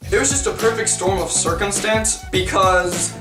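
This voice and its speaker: A man's voice: sits high, moderate pace, recorded from a distance. A young man vlogging, telling stories in a dramatic, profane, self-mocking way. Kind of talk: casual storytelling vlog. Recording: roomy, off-mic, music behind.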